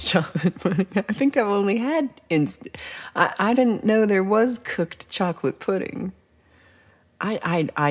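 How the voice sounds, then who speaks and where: A woman hosting a casual livestream chat, rambling playfully through viewer comments with frequent whispered asides. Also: fairly low pitch. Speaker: livestream host.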